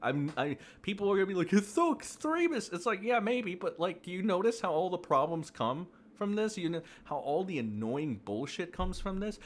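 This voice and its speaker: A man's voice: expressive, moderate pace, few pauses. Profane ranting man, heavy on fillers. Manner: profane, exasperated, heavy on fillers, mocking high-pitched quotes. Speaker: commentary streamer. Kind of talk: ranting commentary.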